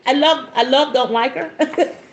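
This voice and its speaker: With background noise behind her, a high-voiced woman hosts a podcast, reading a book aloud. Between passages she drops in animated, joking remarks.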